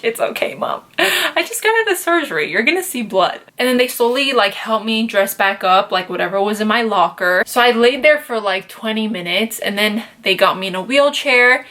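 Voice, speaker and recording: A young woman chatting to camera in a casual storytime vlog, animated and full of "like" and "literally". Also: medium pitch. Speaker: beauty vlogger.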